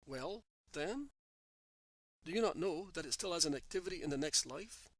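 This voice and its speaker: A man voicing a calm, kind spiritual teacher who questions gently, in a storybook reading. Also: fairly high pitch, moderate pace, low-quality recording.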